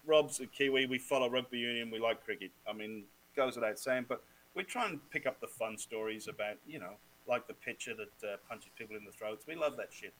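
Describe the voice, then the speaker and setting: A man from Wales, a guest on a sports podcast, telling lively stories, swearing freely and laughing often. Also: medium pitch, brisk, rough recording. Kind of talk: casual chat.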